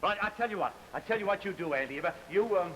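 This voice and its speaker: A man's voice: high voice, animated, fast, fairly bright tone, slight background noise, poor audio. An actor playing an eager, bossy husband filming his family in a 1950s sitcom, coaxing and directing everyone.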